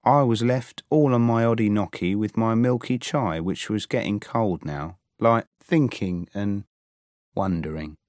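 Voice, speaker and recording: Unhurried man reading a novel in first person. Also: fairly low pitch, a little mellow, no room sound, studio quality. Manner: unhurried, laced with invented slang. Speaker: audiobook narrator.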